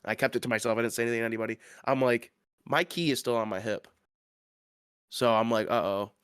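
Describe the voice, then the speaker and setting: A man's voice: mid-range voice, quick pace, a bit bright, smooth, no echo, studio quality. A man co-hosting a podcast, telling a story in casual chat, rambling with lots of fillers and restarts. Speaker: podcast co-host.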